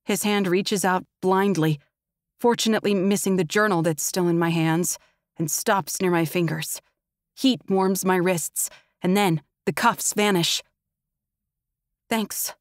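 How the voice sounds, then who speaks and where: A woman reads a fantasy audiobook in the first person, her delivery tense and intimate. Her voice sits a little on the low side. It is recorded close in a dry booth. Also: fairly even intonation, measured pace, no room sound. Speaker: audiobook narrator.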